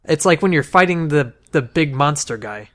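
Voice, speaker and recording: A man hosting a podcast in casual chat, playful and quick to laugh. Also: a little high, expressive, a bit bright. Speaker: podcast host.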